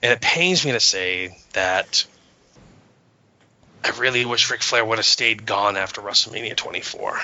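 Man, low bright voice, eager rambling storyteller, lo-fi podcast sound. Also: normal speed. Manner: enthusiastic, storytelling with many fillers. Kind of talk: casual chat. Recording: dull lo-fi sound.

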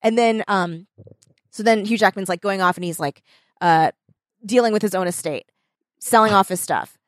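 A woman's voice: mid-range voice, normal speed, no room sound. Casual, dry-sounding woman telling a story. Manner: animated storyteller, swears casually, many fillers. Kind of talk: casual chat.

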